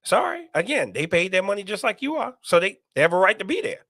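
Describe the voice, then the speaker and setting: Male live-stream host, bright gravelly voice, animated delivery, dry close sound. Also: high-pitched, fast talker, dry recording. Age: adult, parent. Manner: animated, repeats himself, reads viewer comments aloud. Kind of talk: casual live-stream commentary.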